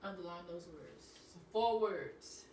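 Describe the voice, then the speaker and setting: A woman's voice: lowish voice, unhurried, noisy background. A woman teacher taking a class through a grammar lesson, patient and repeating each point step by step. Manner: patient, explains step by step with repetition. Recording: echoey room, voice from a distance.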